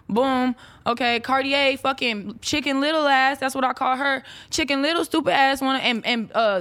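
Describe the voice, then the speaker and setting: A woman in her twenties, a former reality show cast member, venting in a brash, profane, rapid-fire rant during a casual chat. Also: high voice, a bit bright. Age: 20s.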